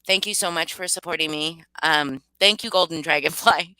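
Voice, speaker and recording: A woman's voice: deep voice, moderate pace, sharp tone, no echo, poor audio. A woman hosting a livestream in casual chat, candid and swearing freely. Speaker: livestream host.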